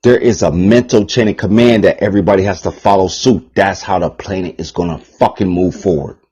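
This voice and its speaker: A man's voice: deep voice, brisk, dark tone, husky, highs cut off. A man giving a rambling, heated, profane monologue on his channel, repeating himself and swearing often. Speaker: channel host.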